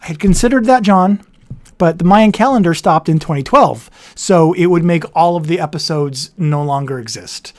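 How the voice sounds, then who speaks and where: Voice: medium pitch, moderate pace, a little mellow. A livestream host of a board game show, chatting casually and rambling with frequent self-corrections. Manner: says their voice turns nasal on camera.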